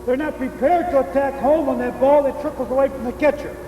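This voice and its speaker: Man, baseball coach, high voice, distant echoey old-tape sound, walks through each step. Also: steady tone, a little fast, dull audio, slight background noise. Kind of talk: instructional demonstration. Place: outdoor baseball field. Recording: distant, roomy old VHS audio.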